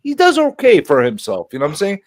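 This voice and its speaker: A man's voice: high-pitched, wildly swooping pitch, fast, no room sound, studio quality. A man from the US East Coast in casual stream talk, arguing his point with restarts and asking if you know what he's saying.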